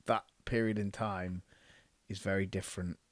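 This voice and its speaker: A man's voice: deep voice, level tone, moderate pace, no room sound. A man in his forties hosting a casual podcast chat, blunt and sweary with banter. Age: 40s. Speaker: podcast host. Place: small room.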